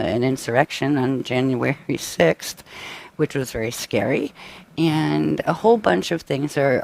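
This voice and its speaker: A man presenting a live-stream workshop briefing, tired and coughing, with his voice giving out and frequent halting restarts. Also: fairly high pitch, vocal fry. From United States. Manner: tired, up all night.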